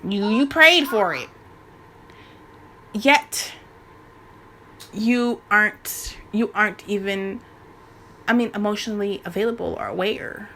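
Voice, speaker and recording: A woman in her twenties giving a casual, slangy spiritual rant to her viewers, animated and preachy with many restarts. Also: medium pitch, slow, pauses often, a little hiss or hum. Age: 20s. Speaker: spiritual vlogger.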